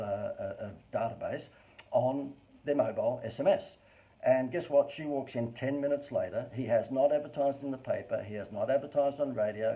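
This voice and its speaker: An Australian man presents marketing advice on a live stream in a mellow, warm-toned voice. His inflection is animated and over the top, broken up by chatty, informal asides. His voice sits at an ordinary middle pitch. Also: rough recording. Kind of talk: live-streamed business talk.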